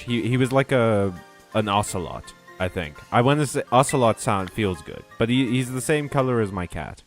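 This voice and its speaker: Low-voiced man rambling through a game. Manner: rambling, self-correcting, chatty with chat. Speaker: streamer. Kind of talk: casual gameplay commentary.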